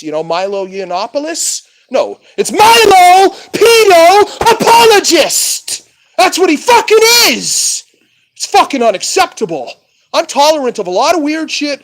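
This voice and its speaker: A man's voice: high-pitched, no echo. A man vlogging in a casual rant, crude and full of swearing, with laughs between remarks. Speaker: street vlogger.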